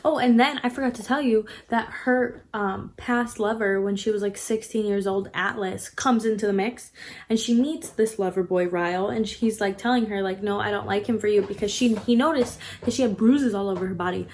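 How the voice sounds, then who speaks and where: A woman's voice: mid-range voice, moderate pace, a little hiss or hum. A woman giving a casual book review, chatting as she retells the story and acting out the characters' lines.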